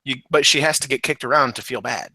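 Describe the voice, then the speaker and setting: Bright, joking man on a podcast. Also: mid-range voice, quick pace, breathy edge, no echo. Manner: joking, profane, quotes people in silly voices. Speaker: podcast co-host. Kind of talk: casual chat.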